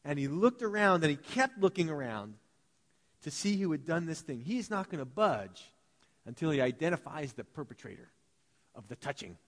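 A man preaching a sermon as pastor, in a lively, conversational way, acting out short voices as he tells the story. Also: a little high, moderate pace, in a large hall. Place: church sanctuary.

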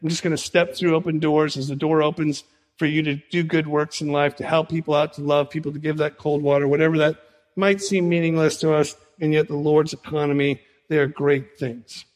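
A man's voice: a little high, a little fast. Man preaching in a reverberant hall. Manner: animated preaching, acts out dialogue with Jesus. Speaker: pastor. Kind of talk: sermon.

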